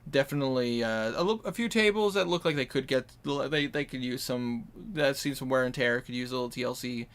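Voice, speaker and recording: A man's voice: medium pitch, fairly quick, fairly bright tone, clean tone. A man with a Minnesotan accent, narrating a tabletop game as game master in a rambling, casual way. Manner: rambling, casual descriptions with many fillers.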